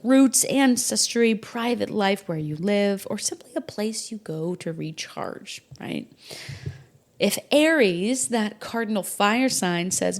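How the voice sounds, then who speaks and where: A middle-aged woman hosting an astrology podcast, talking casually and emotionally, with soft whispered asides. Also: medium pitch, expressive, unhurried. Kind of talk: casual solo podcast talk.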